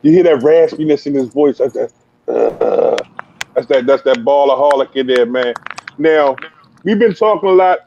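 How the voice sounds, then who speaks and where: A man's voice: a little high, fairly quick, dark tone, lo-fi sound, a little hiss or hum. A man hosting a casual podcast interview, talking in a hype, slangy, playful banter style. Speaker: podcast host interviewing a youth player.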